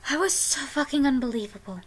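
A young woman performing an intimate audio role-play, breathy and pleading, often sinking into soft whispers. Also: high voice, a little fast.

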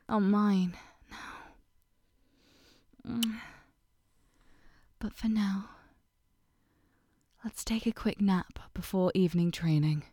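A woman's voice: sits high, a little mellow, slightly rough, no echo, exaggerated voice. A woman voicing a devoted, possessive non-human young woman lover in an adult audio role-play, breathless and pleading.

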